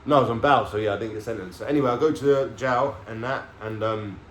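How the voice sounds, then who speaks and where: Man, streetwise vlogger telling his story, swears freely, tags lines with "yeah?", mid-pitched, in a roomy echoey space. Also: quick pace. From London. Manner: streetwise slang, swearing, keeps checking in with "yeah?". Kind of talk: casual storytelling to camera. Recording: echoey room with faint background noise.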